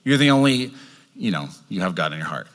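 A man's voice: low voice, sing-song, fairly quick, fairly bright tone. A man preaching a sermon as pastor, talking in a conversational way and restarting his sentences.

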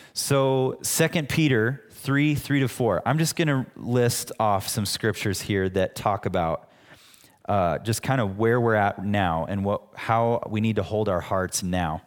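A man preaching a sermon as pastor, teaching in a conversational way with frequent restarts. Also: on the low side. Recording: long hall reverb.

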